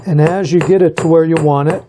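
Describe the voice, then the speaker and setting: A man teaching metal forging in a hands-on demonstration, talking in a relaxed and halting way and repeating words while he works. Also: fairly high pitch, noisy background. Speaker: metalsmith instructor.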